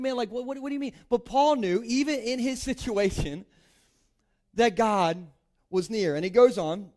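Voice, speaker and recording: A man's voice: very high-pitched, darkish tone. A man in his thirties from Delaware, preaching to a congregation in a casual, joking way with lots of playful asides. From Delaware, United States. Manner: chatty, peppers speech with "like", playful asides. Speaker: pastor. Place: church stage before a congregation.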